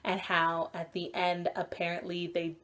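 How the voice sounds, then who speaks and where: A woman's voice: fairly low pitch, monotone, unhurried, a bit bright. Chatty, swearing young woman vlogger. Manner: chatty and candid, swears often. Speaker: book vlogger. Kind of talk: casual book reread chat.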